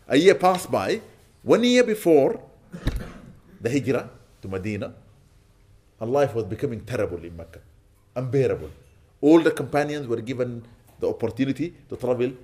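A man's voice: medium pitch, darkish tone. A man speaking as a sheikh, giving a storytelling sermon in which he quotes Arabic and then translates it. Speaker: sheikh giving an Islamic lecture.

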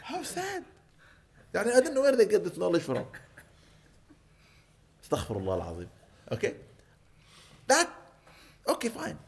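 A man's voice: sits high, huge pitch swings, a little fast, vocal fry, pauses often. A man preaching as a sheikh and teacher. He recites lines in Arabic and explains them in English, and he stresses his points with repeated "okay?". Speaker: sheikh and teacher at an Islamic school. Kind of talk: religious lecture.

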